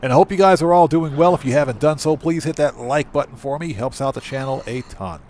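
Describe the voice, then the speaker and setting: A man's voice: a little high, fast, a little mellow. A man casually commenting on a live stream as he plays a video game, laughing often and greeting his viewers.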